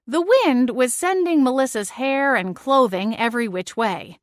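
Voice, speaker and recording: Woman narrating a lively fantasy audiobook. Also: high voice, measured pace, no echo, clean studio sound. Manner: lively, dramatic storytelling. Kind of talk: first-person audiobook narration.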